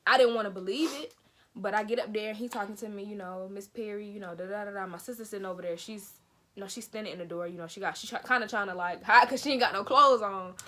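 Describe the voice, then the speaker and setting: A young woman tells a story in a casual, earnest way, repeating her words as she goes. Her voice is bright and sharp and sits at a middle pitch. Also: fast talker. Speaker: vlogger. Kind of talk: emotional storytelling.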